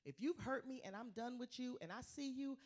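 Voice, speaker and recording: A woman's voice: on the high side, brisk. A middle-aged woman, a pastor speaking frankly and casually to her congregation. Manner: candid, lively, tells it straight.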